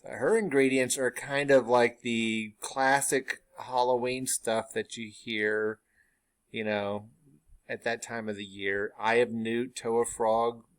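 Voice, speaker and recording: A man talking through a Shakespeare scene like a teacher in a relaxed lesson, at an unhurried pace and medium pitch. He drifts in and out of asides and fillers. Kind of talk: casual classroom explanation.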